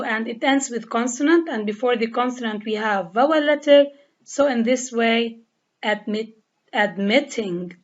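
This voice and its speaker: Lebanese woman teacher, deliberate and slow, spells words out letter by letter, muffled lo-fi sound. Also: a little high. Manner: spells out letters and repeats each rule step by step. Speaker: English teacher. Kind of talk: slow, deliberate grammar lesson. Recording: dull lo-fi recording.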